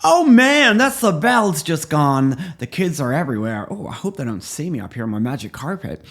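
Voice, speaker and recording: An excitable young carpet rider gushes over the view below, as a man puts him on. He talks in a bright, eager way and tips into high, panicked yelling. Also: fairly quick. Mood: gushing. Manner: gushing, then panicked screaming as he falls. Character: young male cartoon-style flying carpet rider, excitable.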